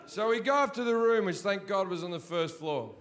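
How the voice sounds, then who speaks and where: Brash Australian man with a high voice. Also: fairly quick, heavy background noise. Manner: brash, crude, deadpan storytelling. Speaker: stand-up comedian. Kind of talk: live stand-up storytelling.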